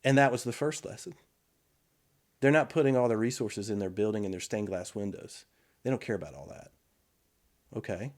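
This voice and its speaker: A middle-aged man telling an earnest, reflective story in casual conversation as a podcast guest, with frequent restarts and quiet asides. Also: lowish voice, moderate pace, pauses often.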